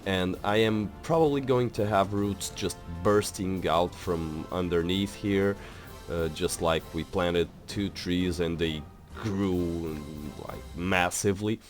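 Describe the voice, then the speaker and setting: A man's voice: low voice, slow pace, faint music behind. A young man hosting a building game video, talking in a rambling, hesitant way with many fillers and restarts. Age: young adult. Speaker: let's play host. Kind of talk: casual gameplay commentary.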